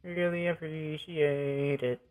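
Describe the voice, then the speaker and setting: A man's voice: fairly high pitch, little pitch movement, takes it slowly, a little mellow, faint music behind. A man streaming a game, chatting with his viewers in an easygoing, rambling way. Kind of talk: casual live-stream chat while gaming.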